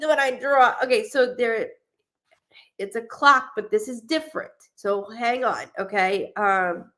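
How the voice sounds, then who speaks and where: A woman's voice: measured pace, sharp tone. A chatty woman doing a live-streamed psychic reading over a webcam mic. She rambles and restarts, jokes at her own expense, and keeps talking to her online audience. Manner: chatty, rambling, self-deprecating, acts out quoted spirits in higher voice. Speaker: psychic medium.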